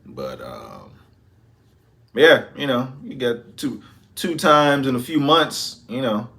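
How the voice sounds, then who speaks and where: A man's voice: medium pitch, sing-song, slow pace, fairly bright tone. A man hosting a reaction video, musing aloud in casual commentary, trailing off with lots of fillers.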